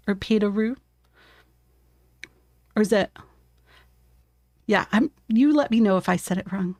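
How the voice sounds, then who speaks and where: A woman's voice: mid-range voice, unhurried, pauses often, mellow, no room sound, clean studio sound. A woman chatting casually on a live art stream while she paints at her home desk, talking to her cat and viewers and laughing often.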